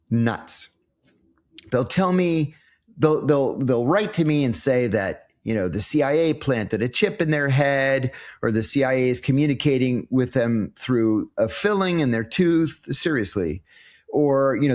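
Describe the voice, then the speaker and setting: A man's voice: mid-range voice, measured pace. A man in his sixties, a former intelligence officer answering interview questions in a casual, storytelling way. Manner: animated storyteller, acts out quoted exchanges.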